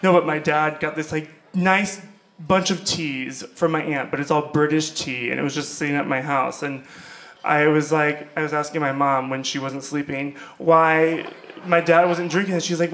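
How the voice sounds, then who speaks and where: A man's voice: a little high, fairly even intonation, moderate pace, fairly bright tone. A young man from Iowa performing a stand-up comedy set, rambling and sarcastic, with lots of fillers. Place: small comedy club stage.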